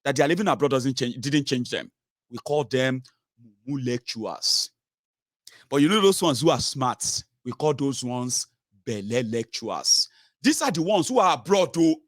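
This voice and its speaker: A man's voice: medium pitch, expressive, normal speed, no room sound, clean studio sound. A man with a Nigerian accent, a political commentator ranting with scorn and repeated mocking labels. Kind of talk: opinion vlog rant.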